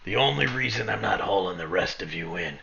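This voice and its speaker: A cruel male enforcer, as a game master puts him on, growls out quiet threats in a low, hard voice. The tone is bright and edgy. The sound is dull and lo-fi. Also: expressive, a little fast, gravelly, a little hiss or hum, exaggerated voice. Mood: menacing. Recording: dull lo-fi recording.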